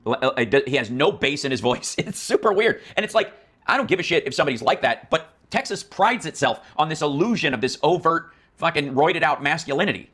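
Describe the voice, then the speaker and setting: A man's voice: a little high, lively intonation, a little fast, a bit bright. A man hosting a political commentary stream, ranting in a profane, mocking, exasperated way with many restarts and asides.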